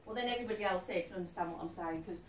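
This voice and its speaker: A woman in her fifties, a medium speaking to a live audience in a chatty, animated way, often checking that her listener follows. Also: lowish voice, rapid-fire, a little hiss or hum. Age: 50s. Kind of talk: live stage reading to an audience. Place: event hall. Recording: echoey hall, distant mic.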